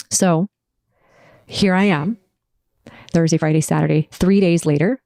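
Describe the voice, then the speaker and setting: A woman's voice: on the low side, fairly even intonation, a little slow, creaky, pauses often, dark tone, no room sound. A woman hosting a podcast, telling a personal story in an earnest, emotional, confessional way. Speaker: podcast host.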